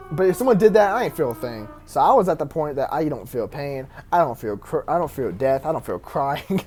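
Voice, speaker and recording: A man's voice: on the high side, darkish tone. A young man rambles through a casual story time, stumbling over restarts and fillers. He laughs often as he talks.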